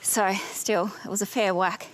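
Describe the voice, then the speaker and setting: A young Australian woman and goat breeder talking in a relaxed, matter-of-fact way outdoors on her farm. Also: medium pitch, moderate pace, poor audio. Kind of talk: documentary interview on her farm. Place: outdoor farm paddock with goats.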